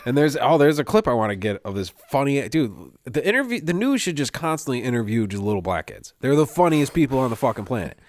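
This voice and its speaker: A man's voice: mid-range voice, sing-song, quick pace, dry recording. A man co-hosting a casual podcast, crude and jokey, laughing often. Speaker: podcast co-host. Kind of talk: casual chat. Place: home basement.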